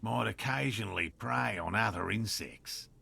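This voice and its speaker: A man's voice: lowish voice, moderate pace, vocal fry, pushed and bright, husky, exaggerated voice. An actor playing a pompous, self-assured male cryptozoologist in a video game, with an Australian accent and a lecturing manner.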